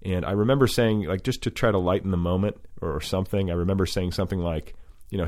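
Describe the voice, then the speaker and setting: A man's voice: deep voice, steady tone, fast, few pauses, darkish tone, dry recording, clean studio sound. A man hosting a podcast, telling a long rambling story full of fillers and restarts, then introducing his guest. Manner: rambling, filler-heavy, self-correcting. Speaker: podcast host. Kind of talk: storytelling monologue.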